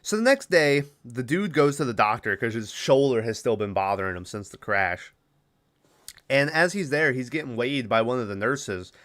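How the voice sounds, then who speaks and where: A man's voice: medium pitch, animated, normal speed, fairly bright tone. A young man hosting a podcast alone, loosely retelling a horror film's plot with lots of fillers and swearing. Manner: rambling, profane, filler-heavy retelling. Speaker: podcast host. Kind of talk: casual movie recap.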